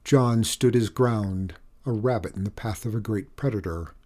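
A man reading a story aloud in an even, measured storytelling manner. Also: on the low side. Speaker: narrator. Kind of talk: audiobook narration.

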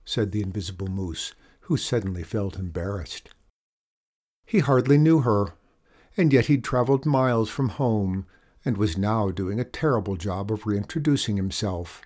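A man reading a children's story aloud in a calm, gentle, expressive way. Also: lowish voice, measured pace. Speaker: narrator.

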